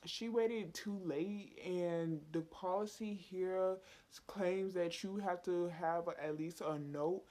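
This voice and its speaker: A woman imitating her teacher, formal and halting. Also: on the low side, steady tone, warm tone. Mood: officious. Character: stiff, officious female teacher.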